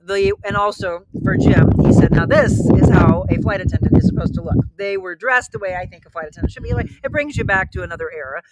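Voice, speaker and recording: A chatty woman hosts a casual wine show, telling lively stories in an easygoing way. Her voice sits at an ordinary middle pitch. A clear hiss of background noise runs under the recording. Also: fast talker, hardly any pauses. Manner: chatty, animated storyteller. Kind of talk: casual chat. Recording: noisy home recording.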